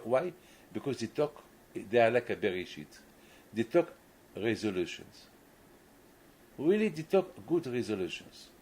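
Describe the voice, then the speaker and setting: On a rough recording, a rabbi delivers a sermon with a story, using non-native English phrasing and repeatedly restarting and repeating words. His voice is medium-pitched and a little mellow.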